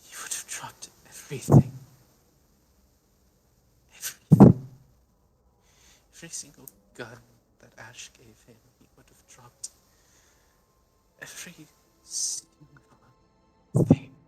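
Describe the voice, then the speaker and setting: A man voicing a grief-stricken young woman who is crying, in a breathy, whispered sob. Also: medium pitch, takes it slowly, pauses often, dark tone, voice pushed up. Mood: desperate.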